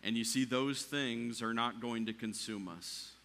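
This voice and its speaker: A pastor with a creaky, mid-range voice preaches in church at a slightly slow pace. His volume climbs to near shouting at the high moments and drops low for the calmer ones.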